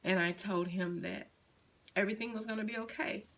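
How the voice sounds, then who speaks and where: A middle-aged mother slowly recounting a painful personal story, at times softly quoting her son. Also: medium pitch, steady tone, rough recording. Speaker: grieving mother. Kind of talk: personal testimony.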